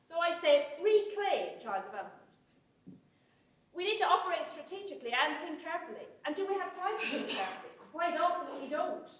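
High-voiced woman giving an echoey keynote. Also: a little fast. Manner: lively, irreverent, wry asides. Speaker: keynote speaker, chief executive. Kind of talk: conference keynote talk. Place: hotel conference hall. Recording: echoey hall, mic from far off.

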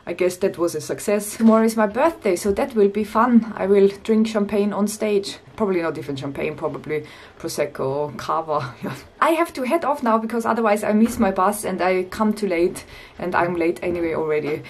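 A woman's voice: medium pitch, a little fast, few pauses, a little hiss or hum. A woman from Austria with an Austrian German accent, a stand-up comedian chatting casually and doing comedy with dry, self-mocking humor.

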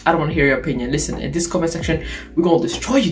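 A woman's voice: fairly low pitch, huge pitch swings, brisk. A young woman, chatting casually and swearing playfully while doing her makeup on camera. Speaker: beauty vlogger. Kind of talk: casual get-ready-with-me chat. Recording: music playing underneath. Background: background music.

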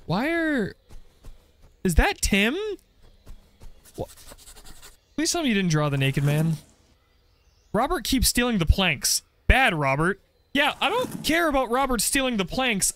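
A man's voice: high-pitched, big pitch swings, measured pace, pauses often, a bit bright. A young man joking his way through a game playthrough with playful commentary. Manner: playful, joking, frequent laughs. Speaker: gaming video creator.

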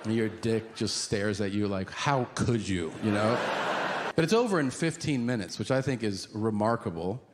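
A man's voice: on the low side, moderate pace, background noise. A man doing a stand-up comedy set, telling stories and acting out the other people in them. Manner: animated storytelling with voiced characters. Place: live comedy venue with audience.

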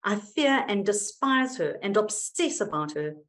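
A woman's voice: mid-range voice, animated, a little slow, fairly bright tone. A woman voicing a distraught mother of a missing child, speaking with raw, pleading anger. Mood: hurt. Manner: pleading, then raw and furious.

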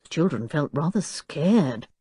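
Expressive woman reading a children's story. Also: low-pitched, measured pace, dry recording, clean studio sound. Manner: clear, expressive storytelling with voices. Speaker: audiobook narrator. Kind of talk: children's audiobook narration.

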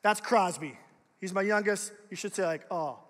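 Young male youth pastor, conversational and lively, high-pitched, recorded in a reverberant auditorium. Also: normal speed. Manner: casual, animated, conversational preaching. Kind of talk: youth sermon. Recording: long reverb of a large hall.

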